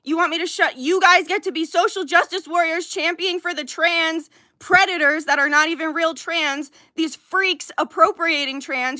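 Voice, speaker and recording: Woman, heated profane rant, yelling, high pitch, dry close sound. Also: normal speed, few pauses, dry recording. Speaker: livestream card reader. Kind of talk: live-stream rant.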